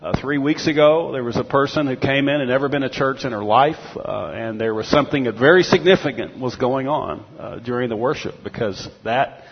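A pastor delivering a sermon in a measured, reflective way. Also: male voice, medium pitch, a little hiss or hum. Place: church sanctuary. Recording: dull audio with long hall reverb.

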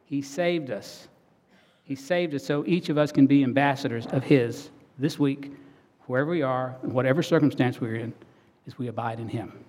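A middle-aged married man preaching a sermon, telling stories earnestly and swinging between loud and soft. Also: mid-range voice, moderate pace, in a large hall. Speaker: pastor.

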